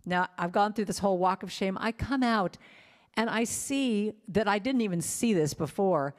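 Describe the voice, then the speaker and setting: An animated woman speaker tells self-deprecating stories at a spiritual service. Her mid-pitched voice rings out with a long hall reverb trailing behind it. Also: normal speed. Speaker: inspirational speaker and singer. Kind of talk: storytelling talk at a spiritual service.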